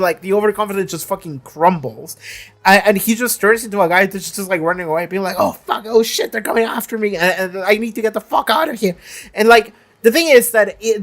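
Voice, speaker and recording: Guy with a slightly high voice rambling thru a tv episode review, swears a ton, keeps restarting. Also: fairly bright tone. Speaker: reaction channel host.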